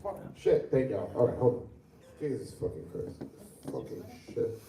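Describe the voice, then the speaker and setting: A man's voice: mid-range voice, lively intonation, normal speed, mellow, roomy sound, recorded from a distance, slight background noise. A fifty-year-old man doing a rambling, profane stand-up set in a comedy club. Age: 50s.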